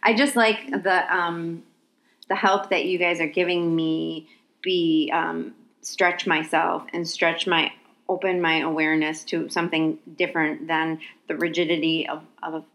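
Slow, halting woman podcast host. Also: low voice, flat delivery, a bit bright. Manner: reflective, halting, with fillers. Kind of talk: casual chat.

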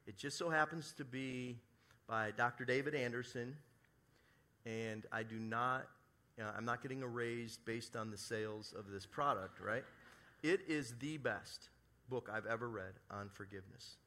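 Male pastor at a church service, bright and forceful voice, animated delivery that drops to hushed asides. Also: mid-range voice, measured pace. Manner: animated, shifts between loud emphasis and soft hushed asides; acts out quoted apologies in his own voice. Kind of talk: sermon.

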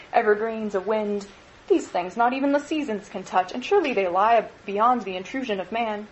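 A woman lecturer reading a novel aloud in an expressive, measured way. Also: medium pitch, highs cut off, slight background noise.

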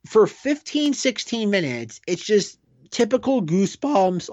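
A man co-hosting a casual chat, rambling in an animated way with lots of fillers. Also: high voice, unhurried, no echo. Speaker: podcast co-host. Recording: dry, dull lo-fi sound.

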